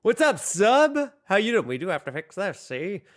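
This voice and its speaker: A man's voice: sits high, big pitch swings, moderate pace, a bit bright. A man hosting a casual livestream from home, joking, laughing often and chatting directly to his viewers. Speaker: livestream host.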